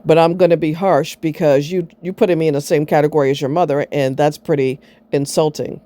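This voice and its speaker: A woman's voice: low voice, fairly even intonation, fairly quick, dark tone. A middle-aged woman vlogging, telling a personal story in a blunt, sarcastic way and swearing freely.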